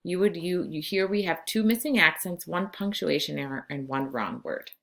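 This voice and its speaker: A woman in her forties with a low voice, teaching a class. She gives slow, clear instructions and moves easily between two languages. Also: expressive, fairly bright tone, a little hiss or hum. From California. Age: 40s. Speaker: Spanish teacher. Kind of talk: recorded class lesson.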